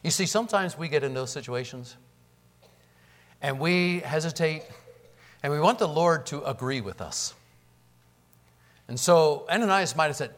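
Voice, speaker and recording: A male pastor preaches with a high, expressive voice. He climbs to loud exclamations, then drops to near-hushed asides, and acts out the characters he quotes along the way. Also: normal speed, long pauses. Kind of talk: sermon.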